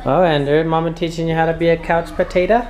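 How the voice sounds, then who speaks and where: A man vlogs casually with his family, playful and quick to tease. His talk is relaxed and conversational, like a dad chatting at home. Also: on the high side, roomy sound. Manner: playful, teasing. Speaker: family vlogger, father.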